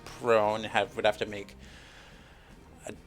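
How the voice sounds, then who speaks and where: A man running a tabletop game over a voice call, halting and repeating himself as he makes rulings. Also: mid-range voice, vocal fry, a bit bright, soft background music. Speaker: game master. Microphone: voice chat call.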